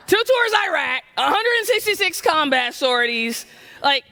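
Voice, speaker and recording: A high-pitched Southern woman takes her time, leaving long pauses as she gives an energetic motivational keynote. Conversational in tone, she repeatedly asks her audience questions. The sound carries a long hall reverb from the large event space.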